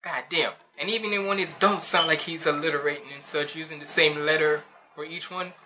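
A man's voice: fairly high pitch, fairly even intonation, fairly quick, pushed and bright. A man hosting a music reaction channel, talking casually in a rambling, loose way full of slang and restarts.

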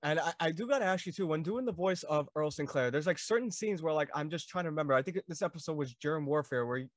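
A man's voice: fairly high pitch, fast talker, dry recording. A young man hosting a video call interview, asking rambling, eager questions full of fillers. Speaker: host.

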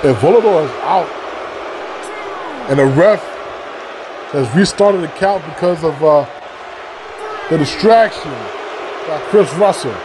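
A man giving excitable play-by-play commentary on a wrestling video game, repeating phrases and breaking into shouts at big moves. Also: on the high side, unhurried, pauses often. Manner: repeats phrases and restarts mid-call. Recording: loud game crowd and noise behind. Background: video game arena crowd noise.

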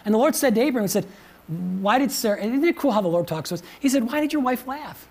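Husky guy pastor preaching in church, chatty, keeps asking the crowd stuff, says things twice. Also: high voice, animated, fast, a little mellow. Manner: conversational, repeats phrases, quizzes the congregation. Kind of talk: sermon.

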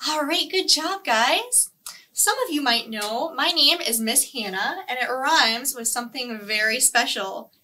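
Woman librarian, children's storytime, sing-song, unhurried, bright tone. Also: sits high, distant mic. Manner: animated, sing-song, talks to young children.

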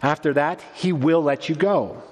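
A man's voice: a little high, unhurried, in a large hall. A male pastor preaching a sermon, earnest and conversational, often restarting his phrases. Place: church sanctuary.

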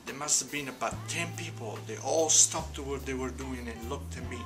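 A man tells a story in a relaxed, easygoing way, stretching words for emphasis and filling pauses with uhs. His voice sits at an ordinary middle pitch, and music plays clearly behind him. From Naples, Italy. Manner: relaxed, many fillers, drawn-out emphasis. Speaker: vlogger. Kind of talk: casual storytelling.

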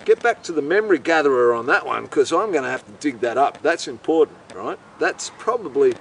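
A man's voice: a little high, distant mic, slight background noise, low-quality recording. A man with an Australian accent telling a meandering, profane, incredulous comic story. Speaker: host. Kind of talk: rambling comic monologue.

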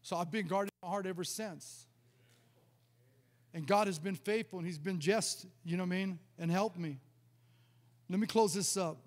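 A man's voice: high voice, normal speed, pauses often, long reverb tail. A male pastor preaching a sermon, telling a personal testimony in a storytelling way, often stumbling and repeating words. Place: church sanctuary.

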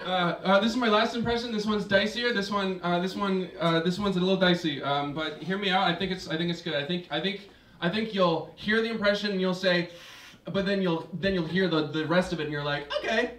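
A young man doing a stand-up set, halting with lots of fillers and restarts. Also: high-pitched, a bit bright. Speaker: stand-up comedian. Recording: roomy, distant mic, hissy noise.

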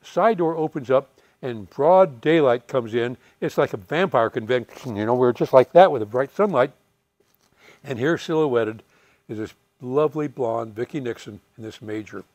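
A man in his eighties, a retired fighter pilot telling lively war anecdotes, chuckling and acting out the voices of people he quotes. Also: mid-range voice, moderate pace, dry recording. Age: 80s. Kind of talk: storytelling anecdotes.

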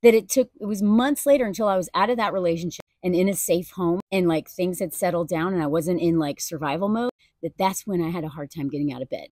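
A woman's voice: lowish voice, fast talker, hardly any pauses, mellow, no echo, clean studio sound. A woman talking earnestly and emotionally in a personal video commentary, speaking casually and addressing viewers directly. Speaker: video creator.

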